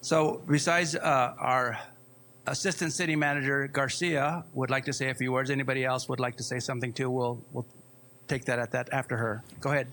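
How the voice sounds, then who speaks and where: A man's voice: medium pitch, steady tone, brisk, slight background noise. A man serving as mayor, cheerfully coaxing people into place and then chairing a city council meeting. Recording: loud crowd in a council chamber.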